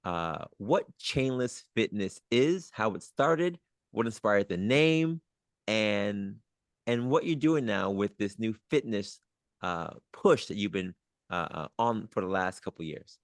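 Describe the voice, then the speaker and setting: A man's voice: on the low side, animated, slow pace, no room sound, clean studio sound. A man from New York hosting a motivational podcast, speaking earnestly with rising emphasis. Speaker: podcast host.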